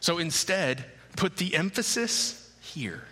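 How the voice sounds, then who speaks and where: A man preaching a sermon as pastor, emphatic and repeating key phrases with slow, deliberate stresses. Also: a little high, big pitch swings, sharp tone, long reverb tail. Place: church sanctuary.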